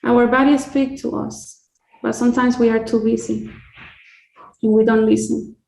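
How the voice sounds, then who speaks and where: A woman sharing her own cancer story on a video call, earnest and deliberate in tone. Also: fairly high pitch, flat delivery, gravelly, darkish tone, reverberant, rough recording. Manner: earnest, slow and deliberate, list-like phrasing. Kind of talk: heartfelt personal testimony.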